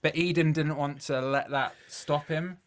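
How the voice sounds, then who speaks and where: A man's voice: on the high side, fairly even intonation, moderate pace. A man co-hosting a casual chat show, chatty and often laughing. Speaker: co-host.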